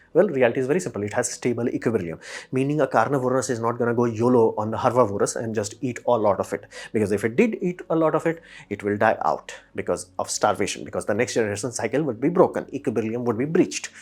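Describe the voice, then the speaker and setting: Host, male, mid pitch; informal, emphatic opinion talk, swears lightly. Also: breathy edge. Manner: emphatic, fires rhetorical questions. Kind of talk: casual opinion monologue.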